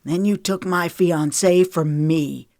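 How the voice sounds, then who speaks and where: A woman's voice: on the low side, slow pace, dark tone, no echo, clean studio sound. A woman reading the lines of a bitter, contemptuous male villain in an audiobook. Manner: contemptuous, mocking. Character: bitter vengeful man with contempt.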